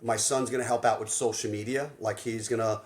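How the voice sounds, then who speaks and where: A man who works as a life coach and hosts a podcast. He tells stories in an energetic, slangy way and acts out the dialogue he quotes. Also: fairly low pitch, a little fast. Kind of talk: animated storytelling conversation.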